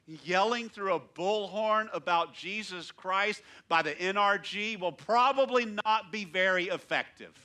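A male pastor preaching in a church, his voice bright and fairly high for a man. He is animated, pushing hard on key lines and then dropping to soft asides. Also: unhurried, few pauses. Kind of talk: sermon.

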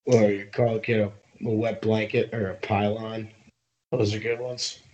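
A man joining a podcast as a guest in casual chat, relaxed, swearing now and then and laughing at his own stories. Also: on the low side, normal speed, dull audio. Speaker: podcast guest, amateur hockey player.

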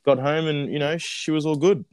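A man's voice: a little high, steady tone, moderate pace, a little mellow, a little hiss or hum, poor audio. A young man with an Australian accent telling a long casual story as a guest, rambling with lots of fillers and restarts.

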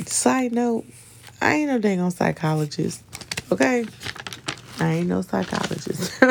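A woman's voice: low voice, vocal fry, dark tone. A woman hosting a casual solo podcast, chatting informally and talking straight to her listeners. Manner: chatty and informal, with many fillers and asides to listeners. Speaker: podcast host.

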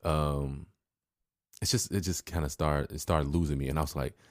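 Man, podcast co-host, extremely deep voice, dry close sound, laid-back and teasing. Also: fairly even intonation, normal speed, no echo. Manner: laid-back, teasing, fills with "uh" and "you know". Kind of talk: casual chat.

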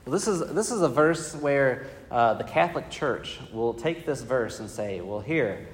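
A man's voice: mid-range voice, animated, a little slow. Man teaching a Bible class in an echoing hall. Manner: conversational, asks the class questions, many fillers. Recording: reverberant hall.

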